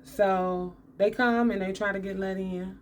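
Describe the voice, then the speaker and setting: A woman's voice: medium pitch, fairly even intonation, measured pace, slight background noise. A woman giving a casual, sarcastic movie breakdown, laughing often and talking in loose, colloquial speech. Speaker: movie commentator.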